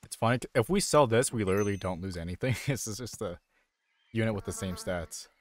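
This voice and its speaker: A young man with a low, deep voice talks through his game live at a desk mic, loose and rambling. He thinks out loud and pokes fun at his own mistakes. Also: fast talker. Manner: rambling, self-deprecating, thinking aloud. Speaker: streamer playing a video game. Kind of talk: casual live gameplay commentary. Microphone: desk microphone.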